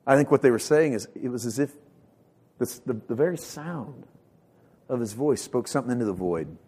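A male pastor delivering a sermon with passion, swinging from loud bursts to hushed lines and repeating words as he builds emphasis. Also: medium pitch, lively intonation, brisk, slightly rough. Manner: impassioned preaching with sharp swings from loud to hushed.

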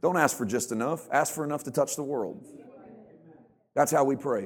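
A man's voice: mid-range voice, normal speed, long pauses, breathy edge. A man preaching a sermon as pastor in a church, joking and mocking himself while acting out churchgoers. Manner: humorous, self-mocking, acts out church members in put-on voices.

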